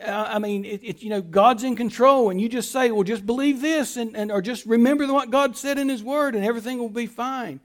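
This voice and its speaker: A man preaching a sermon as pastor, swinging between loud emphatic lines and soft quiet ones, repeating phrases and restarting words. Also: extremely high pitch, fairly quick, few pauses.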